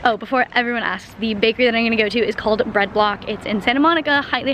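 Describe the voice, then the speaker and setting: Upbeat woman vlogger, fairly high voice, casual chatty delivery, echoey room with faint noise. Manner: chatty, upbeat, many likes and laughs. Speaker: fitness vlogger. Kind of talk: casual vlog chat. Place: home kitchen, then out and about.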